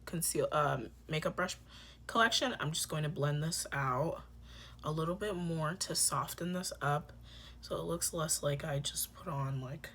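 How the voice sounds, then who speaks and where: A young woman chatting casually through a makeup tutorial, joking with her viewers and dropping into soft whispers now and then. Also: low-pitched, unhurried, slight background noise. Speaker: beauty vlogger.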